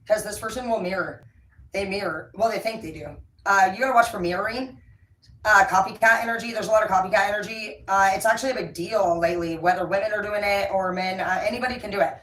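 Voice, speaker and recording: A woman's voice: mid-range voice, a little fast, pauses often, fairly bright tone. A woman giving a casual tarot reading, talking in a blunt, rambling and emphatic way. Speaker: tarot reader. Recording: roomy, distant from the mic, faint ambience.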